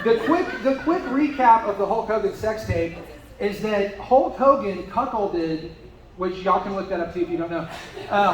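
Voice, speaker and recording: A young man with a high voice works through a crude stand-up set, tossing in deadpan asides between his um and uh fillers. His voice carries the ring of an echoey live room at a brewery comedy night.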